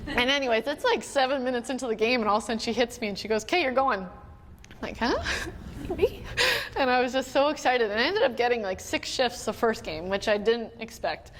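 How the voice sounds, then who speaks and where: A woman's voice: fairly high pitch, fairly quick. A young adult woman from Canada telling a personal story at a conference, chatty, with many fillers and quoted voices. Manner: chatty, many "like"s, quotes others, emotional at moments. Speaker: conference speaker. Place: conference hall. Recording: long hall reverb, faint room noise.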